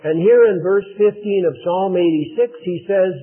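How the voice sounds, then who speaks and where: A man delivering a slow, earnest sermon, reading scripture and dwelling on key phrases. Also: high-pitched. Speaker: preacher. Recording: tinny phone-like radio broadcast.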